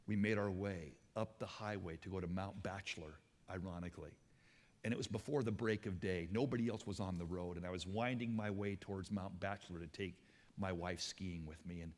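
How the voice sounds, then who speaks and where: A man preaching a sermon, telling a personal story with lively emphasis and repeated words. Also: on the low side, in a large hall. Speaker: pastor.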